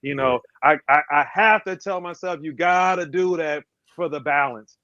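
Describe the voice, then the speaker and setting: Animated high-voiced man, laughing storyteller. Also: moderate pace, no echo, dull audio. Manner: animated, laughs often, acts out voices in his stories. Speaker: podcast guest, tournament bass angler. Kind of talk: casual storytelling chat.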